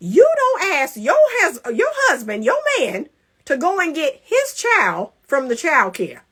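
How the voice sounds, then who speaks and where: A woman relationship coach giving emphatic, animated advice to women, acting out little scenes with playful laughs. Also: sits high, a little slow. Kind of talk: casual advice talk to women.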